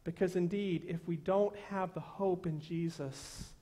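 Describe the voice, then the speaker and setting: A pastor preaching in church with a high, light man's voice. He takes his time, leaning on each phrase with slow, earnest emphasis. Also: steady tone, mellow. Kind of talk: sermon. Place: church sanctuary.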